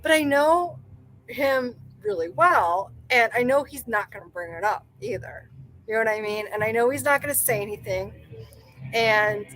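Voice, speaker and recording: A young woman telling a personal story in casual chat, rambling with lots of fillers and animated self-quoting. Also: fairly high pitch, slight background noise, rough recording. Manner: rambling, full of likes and you-knows, animated quoting. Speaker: podcast guest.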